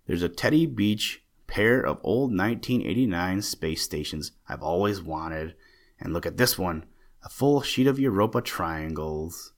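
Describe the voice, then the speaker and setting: A man voicing a fussy, excitable old male stamp collector with a chattering, genteel manner. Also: deep voice. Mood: ecstatic. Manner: chattering, genteel, easily indignant.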